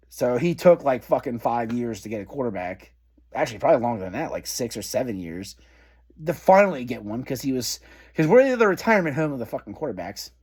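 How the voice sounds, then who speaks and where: A man's voice: mid-range voice, animated, fairly quick, a little mellow. A man ranting in frustration as a sports fan, swearing heavily as he talks. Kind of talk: angry fan rant.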